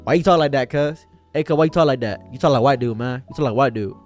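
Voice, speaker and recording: A man's voice: mid-range voice, fast talker, soft background music, close to an everyday voice. A man voicing a young man who teases his friend about how he talks, in casual street slang. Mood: teasing.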